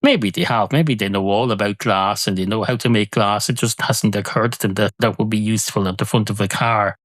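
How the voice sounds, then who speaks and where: A man's voice: on the low side, brisk, a bit bright, dry recording. A man hosting a comedy podcast alone, rambling through silly musings and correcting himself mid-thought. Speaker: podcast host. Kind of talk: comedic solo monologue.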